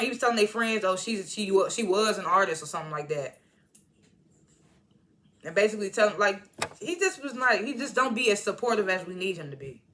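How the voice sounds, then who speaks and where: A woman casually recapping and reviewing a TV episode, animated and slangy, with indignant asides as she retells the scenes. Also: medium pitch. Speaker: TV show reviewer.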